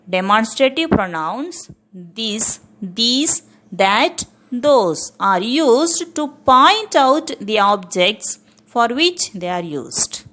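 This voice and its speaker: A woman's voice: a little high, fairly bright tone. A woman teacher giving a grammar lesson, speaking patiently and often checking with "okay" and "understood".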